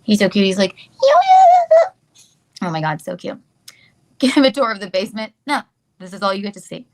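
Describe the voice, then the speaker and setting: A woman's voice: mid-range voice, lively intonation, fast. A woman chatting casually on a livestream, cooing at a dog and thanking viewers. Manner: cooing, giggly, talks to a dog. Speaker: guest in a played livestream clip.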